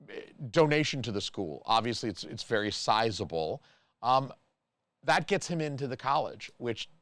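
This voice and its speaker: A man delivers casual solo film commentary, rambling and full of opinions, restarting his sentences with fillers. His voice is smooth and resonant at a middling pitch. The recording is close and dry. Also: a bit bright, no echo. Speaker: movie reviewer.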